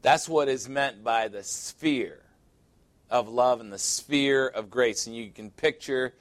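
A man's voice: mid-range voice, takes it slowly. A man pastor preaching an emphatic sermon, reading scripture aloud, commenting on it and speaking directly to his congregation.

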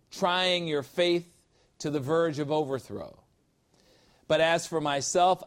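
A man teaching a sermon-style Bible lesson, reading scripture slowly and adding emphatic, jokey asides. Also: a little high.

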